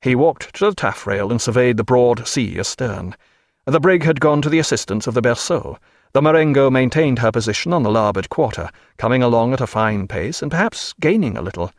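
A man reading an audiobook with steady, vivid storytelling. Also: medium pitch, a little fast, no room sound, studio quality. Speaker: narrator. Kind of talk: audiobook narration.

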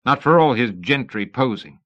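A man's voice: mid-range voice, animated, moderate pace, fairly bright tone, lo-fi sound, pitched above the performer's own voice, lightly acted. A man reading a swarthy, belligerent male agent who talks bluntly and coarsely.

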